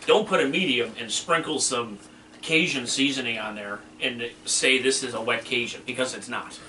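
A man's voice: medium pitch, normal speed, pushed and bright. A man co-hosting a wing review podcast, giving blunt, emphatic verdicts in casual chat. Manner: blunt, emphatic, fired-up critic. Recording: echoey room, distant mic, faint noise.

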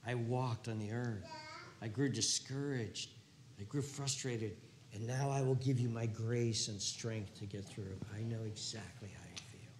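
A preacher voicing Jesus as a compassionate savior, speaking softly and consolingly in a hushed tone. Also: male voice, mid-range voice, measured pace, background noise, voice pushed down, lightly acted. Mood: tender.

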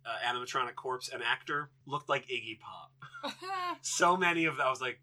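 A man's voice: mid-range voice, a little fast, pushed and bright. A man co-hosting a podcast, rambling and joking as he recaps a film, with casual swearing. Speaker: podcast co-host.

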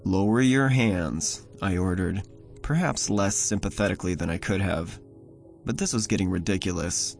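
Gravelly low-voiced male horror narrator. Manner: measured, somber. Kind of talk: first-person horror story narration. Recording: voice over soft music.

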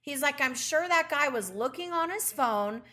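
Blunt, foul-mouthed middle-aged female co-host, bright voice that acts out the people she quotes. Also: sits high, animated, normal speed. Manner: blunt, profane storytelling. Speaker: podcast co-host. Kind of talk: casual chat.

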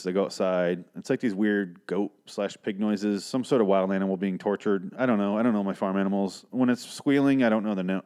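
A man's voice: fairly low pitch, a little mellow, clean tone. A man hosting a podcast, recapping a TV episode in a casual, profane, sarcastic and rambling way. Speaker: podcast host.

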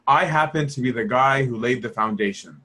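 Husky-voiced man teaching Scripture. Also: medium pitch, a little fast, sharp tone. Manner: asks the audience rhetorical questions; acts out quoted voices. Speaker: Bible study teacher. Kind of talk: conversational Bible study lecture.

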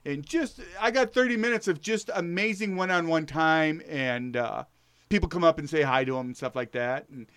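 A man's voice: on the high side, moderate pace, a bit bright, clear, resonant tone. A man on a podcast, rambling through a casual anecdote, stumbling and swearing as he goes. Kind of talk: casual chat.

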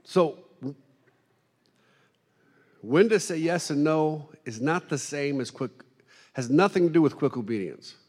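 A man preaching a sermon, telling funny stories in an animated, self-deprecating way to a congregation. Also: on the high side, unhurried, pauses often. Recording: long hall reverb.

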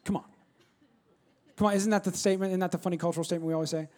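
A man with a fairly high voice delivers a sermon to a congregation. He moves between loud, emphatic bursts and low, quiet asides, repeating phrases as he presses his points. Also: steady tone, racing. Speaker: pastor.

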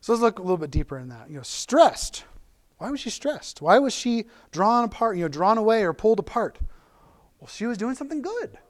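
Preaching in a loose, conversational style, this pastor has a high, brisk voice. He speaks with lots of energy, frequently starting over and dropping in filler words.

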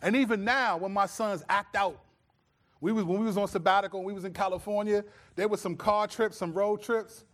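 Pastor, middle-aged man, lively sermon delivery, a little high-pitched. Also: fairly quick. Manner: animated storytelling, acts out his own scolding voice.

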